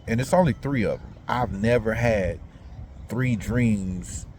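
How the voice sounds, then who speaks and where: Rambling man telling a dream, mellow voice. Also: fairly low pitch, slow, a little hiss or hum. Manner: rambling, conversational, slang-heavy with many fillers. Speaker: vlogger recounting dreams. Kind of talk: casual storytelling monologue.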